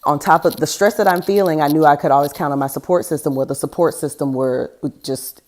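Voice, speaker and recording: A woman's voice: sits low, brisk, darkish tone. A woman podcast host candidly telling a personal story in a frank, conversational way, with laughs breaking through heavy moments.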